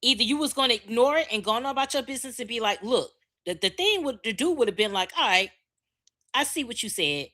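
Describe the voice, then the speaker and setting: A woman's voice: on the high side, lively intonation, fast talker, sharp tone. A woman co-hosting a podcast, talking things through in a loose, conversational way. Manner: reasoning, loose conversational talk. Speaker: podcast co-host. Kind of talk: casual chat.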